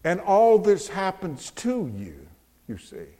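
A man preaching a sermon, moving from hushed, slow storytelling to soaring, shouted proclamation. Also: high voice, wildly swooping pitch. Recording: long hall reverb.

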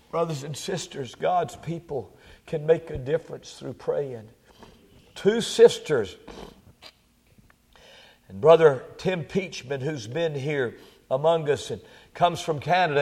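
A male preacher delivering a sermon, swelling into loud emphatic peaks and dropping to a low, quiet tone. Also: creaky, long reverb tail.

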